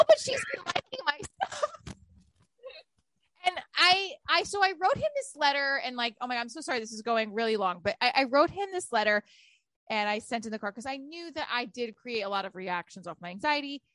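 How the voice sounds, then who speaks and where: A woman's voice: a little high, sharp tone, no room sound. A woman in her thirties telling candid personal stories in casual chat, swearing freely.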